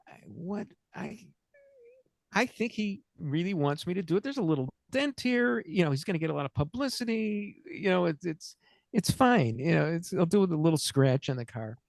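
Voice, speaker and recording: A man's voice: sits high, expressive, fairly quick, vocal fry, no room sound, clean studio sound. A man, host of a chat show, telling a long story in a rambling, self-interrupting way and laughing through the funny parts. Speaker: podcast host.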